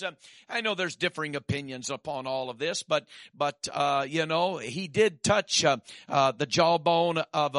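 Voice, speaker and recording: A man preaching a sermon, halting with repeated restarts and then building to emphatic declarations. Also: fairly high pitch, a bit bright, no room sound, studio quality.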